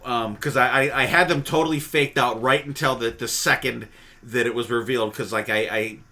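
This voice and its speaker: A man's voice: medium pitch, fairly even intonation, a little fast, sharp tone. A man hosting a podcast in casual chat, rambling with frequent restarts and casual swearing. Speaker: podcast host.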